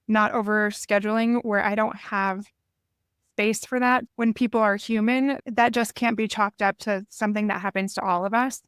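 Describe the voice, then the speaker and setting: A woman's voice: medium pitch, fairly even intonation, moderate pace, smooth, dry recording, clean studio sound. Candid woman telling a family story. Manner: candid, reflective, self-deprecating. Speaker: podcast guest. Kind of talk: conversational storytelling.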